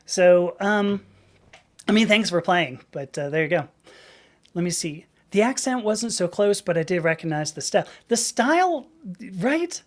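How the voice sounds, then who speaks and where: A woman's voice: lowish voice, lively intonation, unhurried. Rambling middle-aged woman live-streaming. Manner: rambling, chatty, laughs at herself, reads out chat. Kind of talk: casual live-stream chat with viewers. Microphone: webcam.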